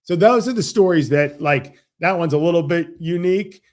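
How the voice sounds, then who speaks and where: A man, a financial advisor guest on an interview show, explaining with animated stories and acted-out dialogue. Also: fairly high pitch, moderate pace. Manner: animated, acts out quoted dialogue. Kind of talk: casual interview storytelling.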